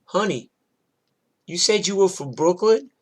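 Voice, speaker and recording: A man's voice: high-pitched, lively intonation, unhurried, darkish tone, pitched above the performer's own voice. Man doing a cool, menacing big neighborhood lady. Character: big, tough neighborhood matriarch woman, calm.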